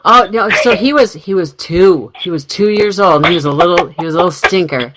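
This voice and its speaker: A middle-aged woman co-hosts a radio talk show, chatting about family stories and laughing often. Her lowish voice has a fairly bright tone and moves a little fast. The audio is poor.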